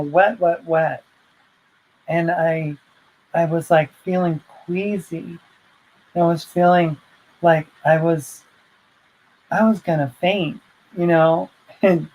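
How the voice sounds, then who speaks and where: A woman's voice: on the low side, muffled recording. A woman vlogger telling a personal story in a heartfelt, rambling way, full of fillers and restarts.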